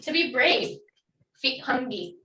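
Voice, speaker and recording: A woman's voice: high voice, very animated, slow pace, pushed and bright, roomy sound, far from the mic, low-quality recording. A woman teaching a language class online, upbeat and encouraging as she models words for students to repeat.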